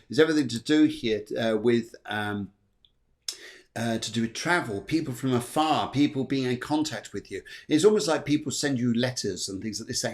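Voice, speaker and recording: A middle-aged man hosts a live astrology show. He talks casually, rambles, jokes and thanks his viewers. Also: medium pitch. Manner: jokey, rambling, warm thanks to viewers, puts on silly voices. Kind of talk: chatty live-stream horoscope reading.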